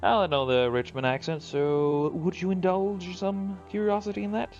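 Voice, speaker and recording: A man's voice: sits high, steady tone, normal speed, a little mellow, soft background music. Give me an easygoing man host asking curious questions over a dull mic. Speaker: podcast host. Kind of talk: casual chat.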